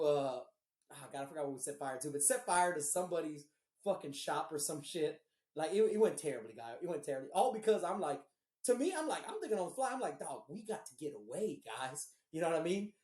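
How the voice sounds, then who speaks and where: Woman podcaster telling a wild story, lowish voice that bounces all over, swears a lot, echoey room. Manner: animated, swears freely, acts out quoted dialogue. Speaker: podcast co-host. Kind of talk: casual storytelling chat.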